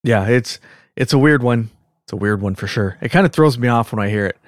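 Brief: Californian male podcast host, mid-pitched, chatty and rambling, dry close sound. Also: dry recording. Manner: chatty, rambling, quick to laugh. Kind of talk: casual podcast chat.

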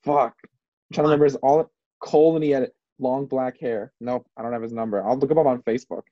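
A man's voice: mid-range voice, steady tone, a little fast, no echo, muffled recording. A man in his twenties co-hosting a podcast, rambling through crude stories, swearing and saying "bro" and "like" a lot. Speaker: podcast co-host. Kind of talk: casual crude podcast banter.

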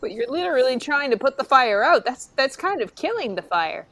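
A young woman playing a tabletop game, quick with wry remarks. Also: high voice, sing-song, a bit bright. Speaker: player. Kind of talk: tabletop role-play.

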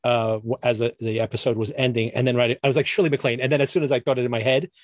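Man, podcast co-host, quick talker, opinionated rambling chat, dry close sound. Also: mid-range voice, little pitch movement, no room sound. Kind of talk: casual chat reviewing TV.

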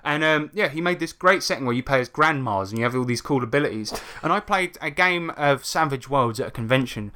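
A man's voice: mid-range voice, brisk, few pauses. A man from England co-hosting a podcast, telling tabletop game stories in casual chat, swearing freely and slipping into quoted voices. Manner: swearing, animated storytelling with put-on quotes. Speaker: podcast co-host.

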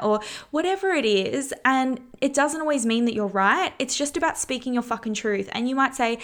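A woman hosting a solo podcast in a loose, chatty way. Her voice is smooth and clear. She talks openly, swears without holding back, and fills her sentences with "like" and "you know.". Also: a little high, lively intonation, normal speed, hardly any pauses. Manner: frank and candid, swears freely. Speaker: podcast host. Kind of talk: casual solo podcast talk.

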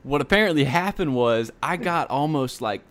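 A man's voice: on the high side, animated, moderate pace, noisy background. A young man hosting a podcast, telling a long story in a rambling, casual way, laughing and acting out what people said. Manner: rambling, laughing, acts out quotes. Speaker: podcast host.

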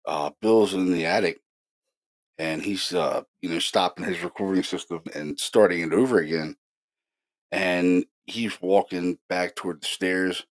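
Low-voiced man telling ghost stories. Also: a little slow. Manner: excited, animated retelling with many fillers. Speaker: paranormal investigator host. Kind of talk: casual storytelling.

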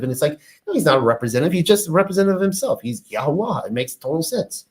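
A man's voice: on the high side, sing-song, racing, few pauses. Man reading scripture, explaining casually. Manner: reads passages aloud then explains with asides and fillers. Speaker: bible teacher. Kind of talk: reading and commenting on ancient texts.

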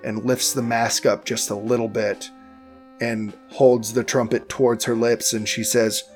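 Male game master, slow and relaxed, faint music underneath. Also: medium pitch. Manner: relaxed, rambling, laughs easily. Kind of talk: narrating a tabletop game.

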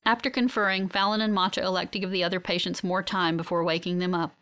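A woman giving steady, reflective first-person audiobook narration. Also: on the low side, quick pace, clear, resonant tone.

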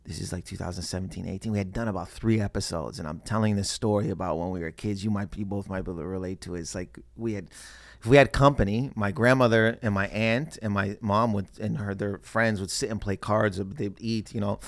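A man, a comedian, telling stories in casual podcast chat, animated and swearing freely. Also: on the low side, a little fast, gravelly, no echo.

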